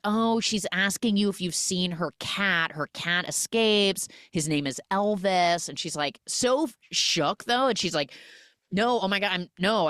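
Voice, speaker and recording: A woman hosting a podcast, retelling a film's plot in a casual, animated way and acting out the characters' lines in quick quoted voices. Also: lowish voice, dry recording, studio quality. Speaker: podcast host recapping a film.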